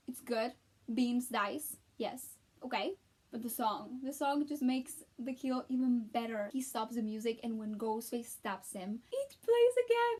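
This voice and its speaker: A woman vlogger talks in a casual, gushing way, with a high voice. She is excitable and keeps acting out her own reactions as she goes. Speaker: vlogger reviewing a film. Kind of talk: casual chat.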